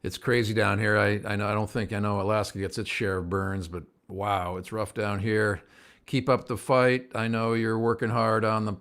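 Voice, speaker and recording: A man chatting on a home livestream, earnest and rambling, now and then getting fired up. His voice sits a little low. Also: moderate pace. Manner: rambling, earnest, gets worked up and calms himself. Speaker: host of a livestream show. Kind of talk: casual livestream chat to viewers. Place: at home by a window, indoors.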